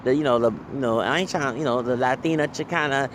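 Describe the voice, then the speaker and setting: A man's voice: medium pitch, quick pace, background noise. A man from Texas, ranting casually as a vlogger, rambling, stumbling over repeated "uh"s and tagging lines with "okay?". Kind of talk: casual rant to camera.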